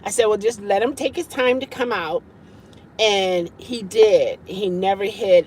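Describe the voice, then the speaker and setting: A woman hosting a casual live-stream chat from her parked car at night, with an animated, friendly way of talking. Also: mid-range voice, unhurried, slight background noise, rough recording. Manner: lively, greets viewers warmly with laughs. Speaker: livestream host chatting with viewers.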